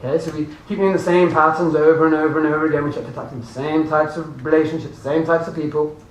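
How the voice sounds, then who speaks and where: A man giving a lively motivational seminar talk to a live audience, often laughing and asking the room questions. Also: a little high, quick pace. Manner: animated, laughing, addresses audience directly. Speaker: motivational speaker. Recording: echoey room from far off, faint noise.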